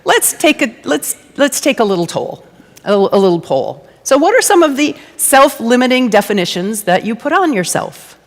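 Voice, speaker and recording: Lively woman preaching in a reverberant hall. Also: fairly high pitch, moderate pace. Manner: lively, playful, asks the congregation to answer back. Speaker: guest speaker at a church service. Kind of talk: conversational sermon. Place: church sanctuary before a congregation.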